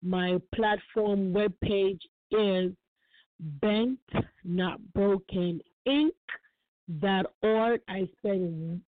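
A woman's voice: mid-range voice, fairly even intonation, very slow, no room sound. A woman guest on a call-in talk show, giving earnest personal testimony and repeating phrases for emphasis. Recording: dry tinny phone line.

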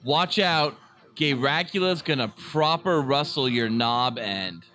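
A man's voice: medium pitch, lively intonation, pushed and bright. A man voicing a boozy British pub lad in a put-on British accent, stretching out the lines. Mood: mock-British. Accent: put-on British, drifting. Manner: exaggerated, drawn-out delivery.

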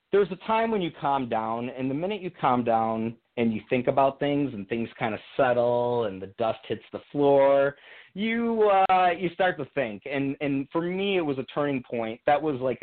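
A young man telling a personal story on a call to a radio show, thinking out loud with many restarts. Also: mid-range voice, expressive, normal speed. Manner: reflective, earnest, many restarts and fillers. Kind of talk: casual conversational storytelling. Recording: tinny phone-line sound.

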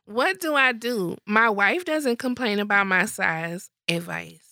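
Gravelly, bright-voiced woman, blunt podcast chat. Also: medium pitch, expressive, a little slow, dry recording, studio quality. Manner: blunt, profane, gleeful. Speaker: podcast co-host. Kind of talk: casual chat.

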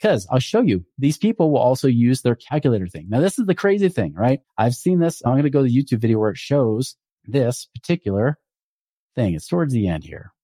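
Animated man with a mellow voice. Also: mid-range voice, fairly quick, no echo, clean studio sound. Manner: animated, emphatic, acts out quoted people. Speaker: podcast host and financial advisor. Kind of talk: casual explanatory talk.

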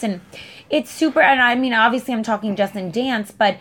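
A woman's voice: on the high side, moderate pace. A young adult woman who teaches dance, talking casually with frequent fillers and restarts. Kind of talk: casual chat.

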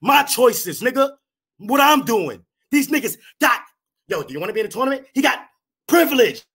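A man's voice: very high voice, big pitch swings, normal speed, bright, forceful tone, slightly rough. A young man, a battle rapper, taunting a rival in heated trash talk and hammering the same jabs over and over. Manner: taunting, repeats his jabs.

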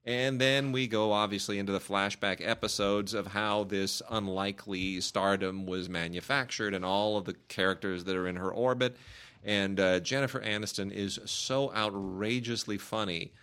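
A man's voice: fairly low pitch, fairly even intonation, fairly bright tone, clear, resonant tone. A man co-hosting a casual film review chat, enthusiastic and talking over his partner. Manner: enthusiastic, talks over partner, quick restarts.

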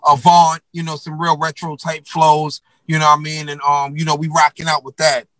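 A man's voice: a little high, completely flat delivery, moderate pace, a bit bright, no room sound, poor audio. A man from New York telling stories as a guest rapper in a casual interview, slangy and profane with many fillers.

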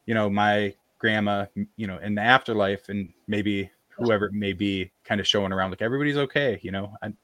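Low-voiced guy on a video call, lots of ums and restarts, dry sound. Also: fairly even intonation, a bit bright, no room sound. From American South, Appalachia. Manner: halting, many fillers and restarts. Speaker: podcast guest. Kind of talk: casual storytelling.

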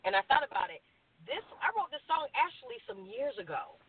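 A woman's voice: high voice, wildly swooping pitch, brisk, creaky. A middle-aged woman singer speaks openly and with feeling, laughing now and then. Her voice rises and falls a lot. She comes through a thin, tinny phone line. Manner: candid, emotional, laughs often. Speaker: guest singer. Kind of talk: casual radio interview over the phone.

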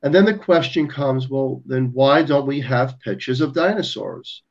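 A man in casual chat, musing and halting as he talks about ghosts. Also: medium pitch, expressive, gravelly. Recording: dull lo-fi sound.

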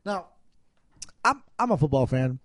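A man's voice: on the high side, big pitch swings, measured pace, dry recording. A man with a Chicago accent co-hosting a podcast in joking, self-deprecating casual banter. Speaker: podcast co-host. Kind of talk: casual chat.

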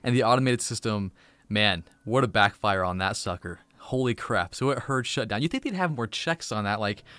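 A male host of a live stream, laid-back and quick to react with exclamations as he chats with callers. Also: on the low side, lively intonation, pushed and bright, clean tone, no echo. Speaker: show host.

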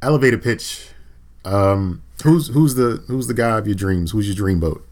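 A man's voice: fairly low pitch, moderate pace, a little mellow. A man hosting a casual interview, asking playful, prompting questions. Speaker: host.

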